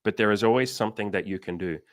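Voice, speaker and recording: A man's voice: fairly low pitch, fast, dry recording. A man hosting a casual livestream as a dating coach, blunt and swearing casually, acting out the people he quotes.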